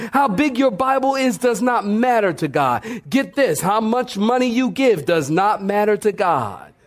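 A man preaching a sermon to a church congregation, telling stories with humor and talking back and forth with the people. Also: sits high. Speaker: pastor. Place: church sanctuary before a congregation.

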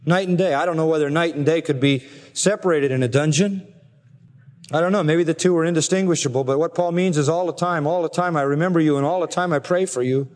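A man's voice: on the high side, in a large hall. A man preaching an expository sermon in an earnest, emphatic way, with rhetorical questions. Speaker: pastor.

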